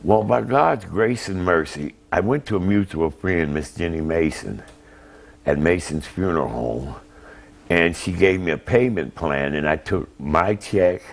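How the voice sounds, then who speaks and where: An older man, a grandfather, giving halting, emotional answers in a TV interview. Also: low-pitched, expressive, gravelly. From Ohio. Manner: plain, halting, retells phone calls.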